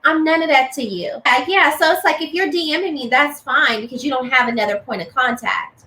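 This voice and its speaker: A woman hosting a podcast in casual chat, animated, laughing often and acting out greetings. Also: high voice, brisk. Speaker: host. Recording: roomy echo, faint noise.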